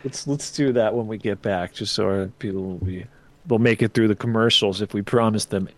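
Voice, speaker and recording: A man's voice: fairly low pitch, a little fast. A man co-hosting a comedy podcast, talking in laid-back, casual banter. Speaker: podcast co-host.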